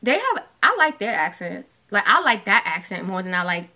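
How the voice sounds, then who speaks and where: A woman's voice: medium pitch, big pitch swings, pushed and bright. A woman with a New York accent, co-hosting a casual podcast and arguing her point emphatically. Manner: emphatic, insistent, quick to argue. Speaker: podcast co-host. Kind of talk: casual argumentative chat.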